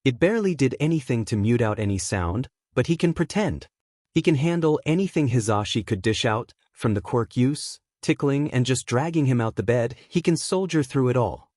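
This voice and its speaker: Male narrator, mid-pitched, dead-dry close recording, steady storybook read. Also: normal speed, dry recording. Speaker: fanfiction reader. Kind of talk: scripted narration.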